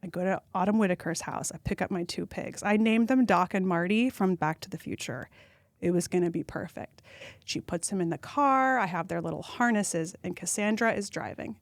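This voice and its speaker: A woman, a podcast guest telling funny stories and acting out quotes in a high voice. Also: moderate pace, no room sound. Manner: animated storyteller who acts out quotes in a high voice. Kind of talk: casual storytelling chat.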